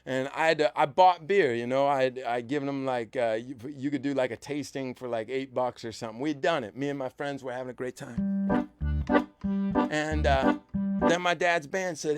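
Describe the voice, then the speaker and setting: A young man hosting a live stream, telling a story with lively energy and acting out the people in it. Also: mid-range voice, normal speed, soft background music. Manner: lively storyteller who acts out voices and breaks into song. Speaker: band member and show host.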